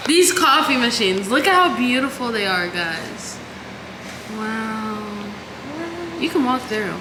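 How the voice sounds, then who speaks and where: Against a noisy background, a young woman in her twenties talks casually to her vlog camera. Her voice is a little high, animated, and slow, and she fills her chatty talk with "like."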